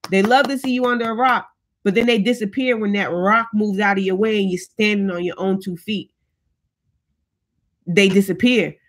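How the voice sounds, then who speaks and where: A woman speaking talks straight to her viewers in a casual live stream. She keeps encouraging them and preaches a little as she goes. Her voice sits a touch high, and she keeps checking in with "you know what I'm saying". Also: fairly bright tone. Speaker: channel host.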